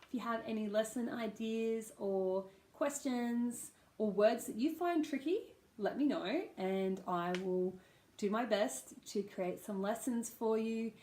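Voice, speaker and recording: A woman's voice: on the high side, a little slow, dark tone, reverberant. A woman with an Australian accent, teaching a pronunciation lesson and demonstrating vowel sounds patiently. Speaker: accent coach.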